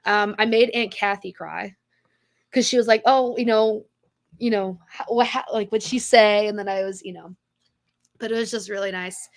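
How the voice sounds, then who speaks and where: A woman's voice: medium pitch, fairly even intonation, normal speed. A young woman co-hosting a casual podcast, telling a long story in a rambling way with lots of fillers and restarts. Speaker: podcast co-host. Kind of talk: casual chat.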